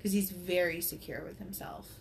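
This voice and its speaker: A woman co-hosting a podcast, telling a story in an animated way, laughing often and swearing casually. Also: fairly low pitch, moderate pace, creaky, slight background noise. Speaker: podcast co-host.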